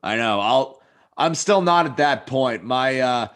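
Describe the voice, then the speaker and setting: Man, podcast co-host, relaxed conversational delivery, loose and unpolished. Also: medium pitch, measured pace. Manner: easygoing, rambling with fillers and swears. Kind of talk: casual chat.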